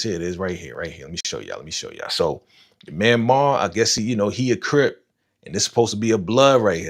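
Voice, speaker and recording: A man with a somewhat low voice hosts a live reaction stream, talking in a loose, slangy way. He is animated as he retells scenes and talks straight to his chat viewers by name. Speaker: livestream host reacting to a TV episode. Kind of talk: casual live reaction commentary.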